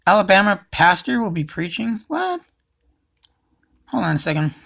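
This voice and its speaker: A man's voice: sits high, sing-song, moderate pace, creaky, a bit bright. A young man hosting a casual livestream, rambling and swearing, calling everyone dude. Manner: rambling, profane, says dude a lot. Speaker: livestream host.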